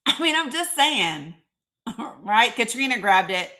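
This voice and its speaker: A woman hosting a casual live stream, chatting, reading viewer comments aloud and often laughing and clearing her throat. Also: a little high, very animated, slow, pushed and bright. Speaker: livestream host.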